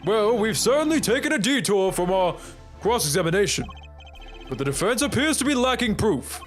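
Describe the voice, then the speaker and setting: A streamer voicing a formal older male judge, speaking deliberately and pitched up, while playing a game. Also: big pitch swings, soft background music, close to an everyday voice.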